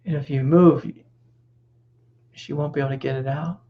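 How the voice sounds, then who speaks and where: A middle-aged man giving a spiritual teaching talk in a gentle, reflective way, sometimes dropping into soft reassuring whispers. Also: fairly high pitch, fairly even intonation, moderate pace, lo-fi sound.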